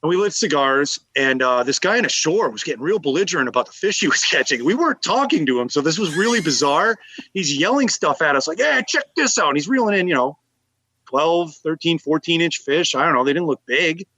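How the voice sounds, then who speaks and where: A male podcast guest telling stories in casual chat, animated and rambling, laughing as he goes. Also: a little high, a little fast, no room sound, low-quality recording. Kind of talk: casual storytelling.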